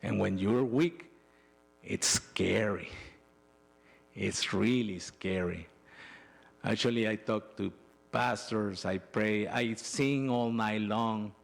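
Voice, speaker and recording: A middle-aged man giving a personal testimony in a church, telling his story in an emotional, halting way with frequent restarts. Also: on the low side, vocal fry. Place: church sanctuary.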